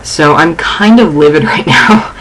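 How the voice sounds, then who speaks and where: A young woman vlogging from her dorm room. She is shaken and angry, and her speech is halting and full of restarts. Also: sits low, a bit bright, slight background noise, poor audio. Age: young adult. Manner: agitated, halting, restarting sentences. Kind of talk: casual vlog.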